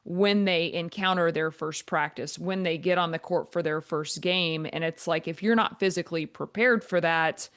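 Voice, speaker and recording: A woman in her forties with a lowish, naturally monotone voice. She is a guest on a podcast interview and talks in long, loose stories full of "um" and "like," telling them at an easy pace. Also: moderate pace, few pauses. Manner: talks in long flowing answers with many fillers. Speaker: guest, volleyball coach.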